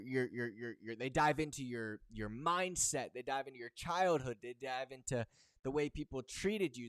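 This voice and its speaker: A man gives a motivational talk as host, pressing his points by repeating words and phrases. His voice is smooth and clear, at a middle pitch. The sound is dry and close. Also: no echo. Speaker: football recruiting coach and host.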